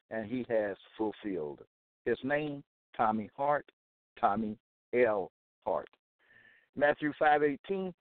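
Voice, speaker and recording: A man's voice: mid-range voice, no room sound. Man preaching over a tinny line. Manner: deliberate, quotes verses, checks in with "okay?". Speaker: self-styled religious teacher. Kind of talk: scripture-reading monologue. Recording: tinny phone-like dry recording.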